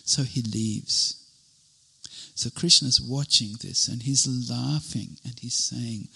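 A man retelling a devotional story in an animated way, linking events with many "and then"s. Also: medium pitch, takes it slowly, gravelly, slightly rough, poor audio.

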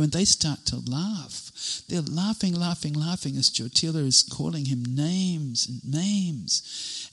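A man retelling a devotional story in an animated way, linking events with many "and then"s. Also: a little high, breathy edge, poor audio.

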